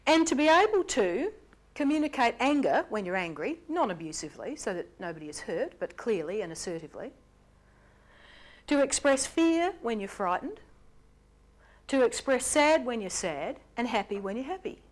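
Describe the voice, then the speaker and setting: A woman giving an explanatory lecture, speaking in an animated way with sudden jumps in pitch on key words. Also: normal speed. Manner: acts out quoted lines in character.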